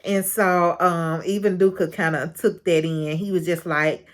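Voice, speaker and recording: A woman's voice: fairly low pitch, fairly even intonation, unhurried. A woman hosting a casual recap of a reality show, frank and chatty, often breaking into laughter.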